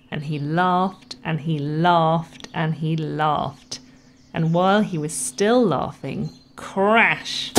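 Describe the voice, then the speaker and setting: A woman narrating a children's storybook in a gentle, measured and expressive way. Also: low voice, a little hiss or hum. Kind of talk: storybook reading.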